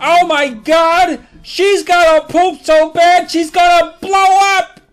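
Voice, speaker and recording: A man voicing a dim-witted, excitable little boy who shrieks in a drawn-out way. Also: very high-pitched, soft background music, pitched above the performer's own voice. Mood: alarmed.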